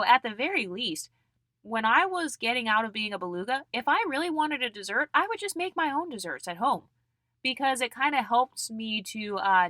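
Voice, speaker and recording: Blunt, bright-voiced woman ranting. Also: medium pitch, no room sound. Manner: blunt, mocking and profane, mimics people in put-on voices. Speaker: channel host. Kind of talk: opinionated monologue to camera.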